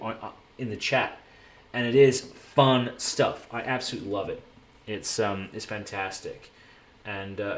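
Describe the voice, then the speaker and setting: An English man with a low voice chats to his live-stream audience from a hotel room. He rambles in a relaxed, easygoing way and drops the occasional swear word. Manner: rambling, laid-back, swears casually. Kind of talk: casual live-stream chat.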